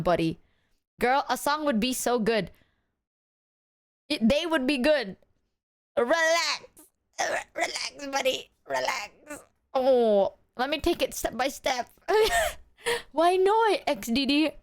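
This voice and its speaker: A woman livestreamer talks casually to her chat. Her voice sits high and bright in pitch, and her manner is playful and teasing, full of laughs and loose swearing. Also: expressive, unhurried.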